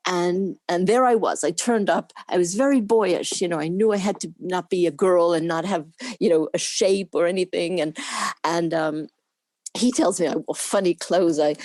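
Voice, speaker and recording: A woman in her seventies from New York, an interview guest who tells stories in a casual, animated way, laughing often and playing out the voices of people she quotes. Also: lowish voice, no room sound. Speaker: guest, former camera assistant.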